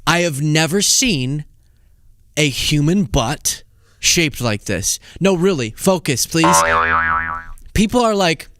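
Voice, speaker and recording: A man hosting a solo political commentary show, talking in an animated, incredulous and sarcastic way. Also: on the high side, slow, pauses often, clean tone.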